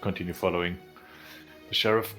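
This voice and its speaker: A man playing in an online tabletop role-playing game, calmly asking questions in character. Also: low-pitched, fairly quick, faint music behind. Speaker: player. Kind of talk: tabletop role-play chat.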